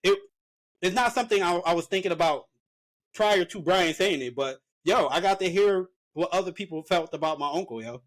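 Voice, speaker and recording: A man's voice: high voice, animated, fairly quick, a bit bright. A man co-hosting a podcast, talking earnestly and rambling a little in casual chat. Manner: earnest, rambling talk with restarts. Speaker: podcast co-host.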